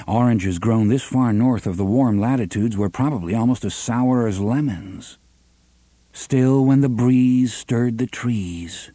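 A man reading a novel aloud as an audiobook narrator, measured and unhurried, sometimes dropping to a soft half-whisper. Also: lowish voice, slightly rough, no room sound. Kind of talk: scripted narration.

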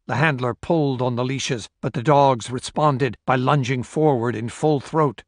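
Measured male audiobook narrator, dry. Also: medium pitch, no room sound. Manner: steady, measured storytelling with voiced dialogue. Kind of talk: scripted narration.

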